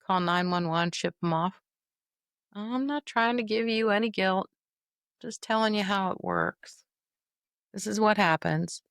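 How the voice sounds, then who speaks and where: A middle-aged woman, a dementia caregiver and trainer, coaching listeners on a podcast in a lively, folksy, direct way. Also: medium pitch, clean tone, no echo, studio quality. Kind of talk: podcast teaching monologue.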